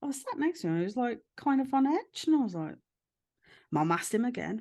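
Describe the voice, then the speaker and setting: A woman's voice: fairly high pitch, brisk. A podcast host, chatting casually. She tells stories with lots of energy and acts out the voices of the people in them. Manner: animated storytelling, acting out quoted voices. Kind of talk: casual chat.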